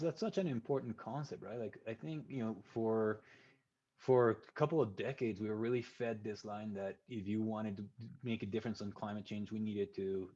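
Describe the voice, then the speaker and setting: A man's voice: on the low side, mellow, breathy edge, dull audio. A man leading an advocacy group, explaining his points earnestly in a panel discussion.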